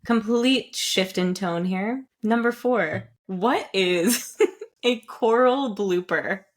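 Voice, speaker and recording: A woman co-hosting a casual podcast, playful and giggly, rattling off stories quickly. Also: mid-range voice. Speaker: podcast co-host and choir teacher.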